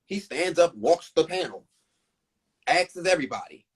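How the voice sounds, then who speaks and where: A male host telling a story in a casual live-stream chat, animated and profane, retelling events with a lot of drama. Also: mid-range voice, measured pace.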